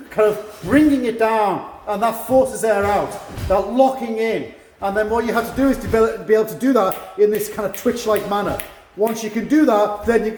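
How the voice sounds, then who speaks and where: A man's voice: high-pitched, a little mellow, roomy sound, slight background noise. A man, a karate instructor, teaching an online seminar over a video call, encouraging and checking understanding with frequent "yeah?".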